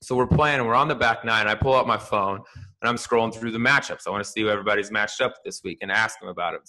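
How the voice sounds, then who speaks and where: A man co-hosting a sports podcast, telling stories in a loose, animated way with plenty of restarts and fillers. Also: lowish voice, fast talker, poor audio. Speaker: podcast co-host, golf fantasy analyst. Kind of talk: casual podcast chat.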